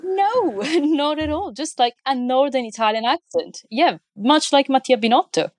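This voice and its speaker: A woman's voice: high-pitched, animated, moderate pace, dry recording. A woman talking casually on a podcast, chatty with frequent laughs and restarts. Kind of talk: casual chat.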